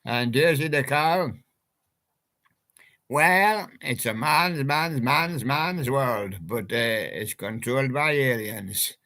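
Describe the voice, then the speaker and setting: A man's voice: mid-range voice, slow pace, hardly any pauses, pushed and bright. A man hosting a homemade radio show, presenting toy characters' song picks with whimsical, chuckling patter. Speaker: home radio show host.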